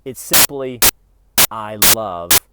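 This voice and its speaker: This middle-aged YouTube host has a lowish voice, speaks very slowly, and has loud music playing behind him. On his own channel he gives a casual, joking spiritual self-help talk, often restarting mid-sentence.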